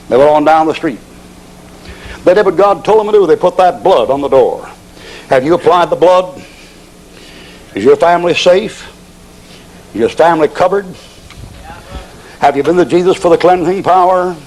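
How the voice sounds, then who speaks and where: A folksy preacher, a man with a fairly high voice, spinning a sermon story. He slips into the characters' voices as he goes and chuckles along. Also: expressive, moderate pace, long pauses, a little mellow, poor audio.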